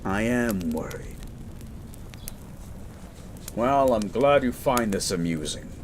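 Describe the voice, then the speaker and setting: A man playing a gruff but caring young medical student in a romantic audio roleplay, pleading and tender. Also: on the low side, expressive, slow pace, slight background noise. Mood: tender worried.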